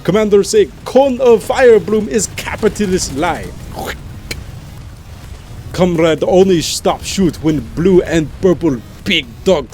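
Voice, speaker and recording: A man's voice: on the high side, a little mellow. A man voicing a boastful male soldier in a thick fake Russian accent, speaking in broken English and grandiose proclamations. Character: boastful male Soviet-style soldier, gung-ho.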